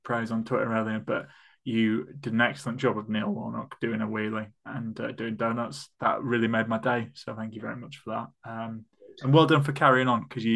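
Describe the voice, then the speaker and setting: A man's voice: medium pitch, vocal fry, fairly bright tone. A man hosting a casual football podcast, chatty and full of ums as he steers the segment. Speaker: podcast host. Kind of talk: casual chat.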